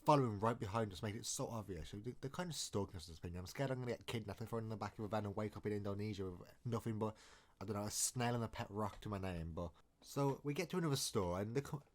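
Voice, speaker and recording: A man's voice: fairly low pitch, rapid-fire. A man telling a story in a casual, rambling, jokey way, often restarting his sentences. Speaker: storytime vlogger.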